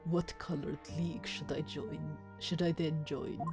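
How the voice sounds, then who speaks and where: A woman voicing a haughty aristocratic male prosecutor in a video game, with a grave, measured delivery. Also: sits low, little pitch movement, over music, pitched below the performer's own voice.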